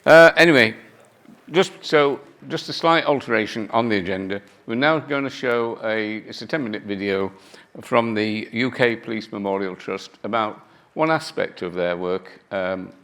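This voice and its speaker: A man's voice: lowish voice, normal speed, a bit bright. A man chairing a conference, thanking a speaker and announcing the next item in a loose, self-deprecating way with some hesitations. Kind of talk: conference hosting remarks.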